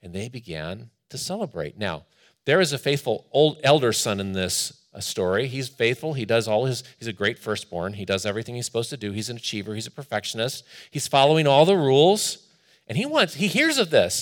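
A man preacher reading scripture and explaining it in a conversational, expressive sermon with asides. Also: medium pitch, a little fast.

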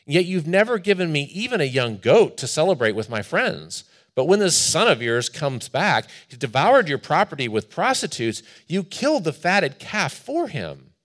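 A man voicing an indignant, faithful elder son who complains loudly and with a sense of grievance. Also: on the high side, sing-song, normal speed, hardly any pauses, pitched above the performer's own voice. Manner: loud, aggrieved, complaining.

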